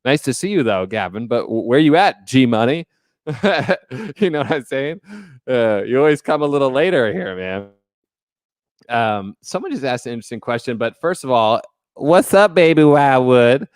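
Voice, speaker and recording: A man's voice: medium pitch, expressive, normal speed, no echo, studio quality. A man hosting a casual livestream, chatty and joking as he greets viewers by name. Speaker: livestream host.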